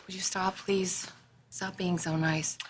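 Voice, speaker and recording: An actress playing a wife torn between guilt and anger in a TV drama, speaking in a raw, emotional way. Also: female voice, on the low side, level tone, slow pace, pushed and bright, a little hiss or hum. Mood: remorseful. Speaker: soap opera wife. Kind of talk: TV drama acting.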